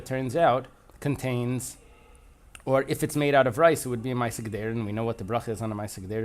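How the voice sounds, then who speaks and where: Man explaining a Talmud passage. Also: fairly low pitch. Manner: reads Aramaic aloud then translates, thinking aloud. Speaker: Talmud teacher. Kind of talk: explanatory lesson.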